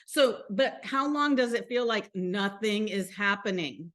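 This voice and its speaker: A woman's voice: mid-range voice, lively intonation, measured pace, fairly bright tone. A woman with a Southern accent hosting a live motivational talk, chatty and upbeat, speaking straight to her viewers. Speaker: host.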